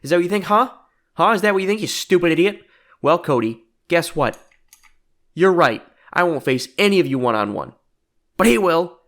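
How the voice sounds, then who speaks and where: A man voicing an arrogant male wrestling villain who hurls mocking, shouted taunts. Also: mid-range voice, expressive, normal speed.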